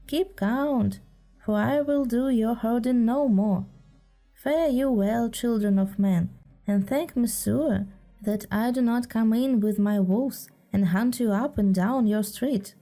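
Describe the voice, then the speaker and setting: A woman's voice: on the high side, a little slow, warm tone, faint music behind. A woman reading aloud voices a proud wild boy raised by wolves, speaking in a commanding, scornful way.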